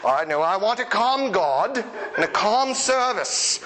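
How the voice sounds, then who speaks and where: An animated male preacher with a fairly high voice delivers a lively sermon. He talks playfully and acts out the voices of the people he describes. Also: moderate pace, hardly any pauses, noisy background. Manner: animated, acts out quoted voices, chuckles often. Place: church service with congregation.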